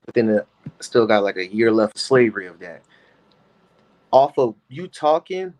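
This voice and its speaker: A man's voice: mid-range voice, low-quality recording. Conversational man in loose money talk. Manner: conversational, loose, asks questions. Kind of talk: casual chat.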